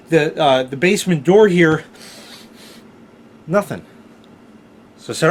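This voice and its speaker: A man vlogger telling a personal story in a casual, profane way that grows animated and excited. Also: high-pitched, moderate pace, pauses often.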